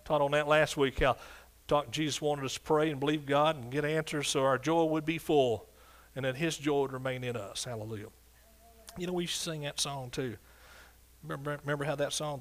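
A man's voice: on the high side, a bit bright. An older man preaching a sermon in a church, exuberant and punctuated with hallelujahs and whoops. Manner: sings scripture in a slow drawn-out way. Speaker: pastor. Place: church sanctuary.

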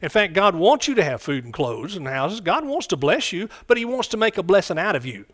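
A man's voice: high voice, very animated, brisk, a bit bright. A man preaching a sermon in a conversational way, often repeating phrases and asking the congregation questions.

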